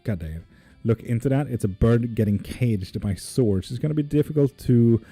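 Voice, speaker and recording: Male tarot streamer, mellow and dark, casual live chat, dry close mic, soft guitar bed. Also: mid-range voice, moderate pace, slightly rough, dry recording. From not Swedish. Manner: relaxed, reads out comments and answers them, swears casually.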